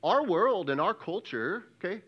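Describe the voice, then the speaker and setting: A man's voice: high voice, sing-song, normal speed, slightly rough, highs cut off. A man in his thirties preaching a sermon as pastor, passionate and folksy, calling out to the congregation.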